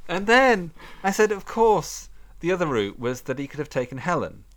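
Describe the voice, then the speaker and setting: A man co-hosting a podcast, chatting casually and telling a story. His voice swings widely in pitch as he acts out the quotes. He laughs often along the way. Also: sing-song, moderate pace. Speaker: podcast co-host.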